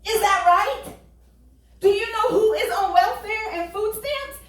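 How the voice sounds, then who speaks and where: A woman pastor with a very high voice preaches at a measured pace in a church sanctuary. Her folksy, joking sermon is conversational and full of rhetorical questions. The recording is echoey, captured in a church hall from a distant mic.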